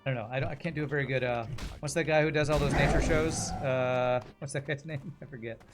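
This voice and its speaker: A man's voice: medium pitch, fairly even intonation, fast talker, loud music behind the voice. A male streamer chatting casually while he plays, in a jokey, self-deprecating way. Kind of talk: casual chat while playing a game.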